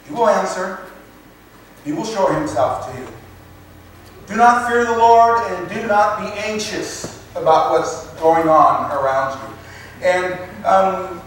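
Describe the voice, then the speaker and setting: A high-voiced man preaches slowly and earnestly, stumbling and repeating words as he works through scripture. He sounds distant from the mic, in a very echoey room with faint background noise. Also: a bit bright. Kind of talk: sermon.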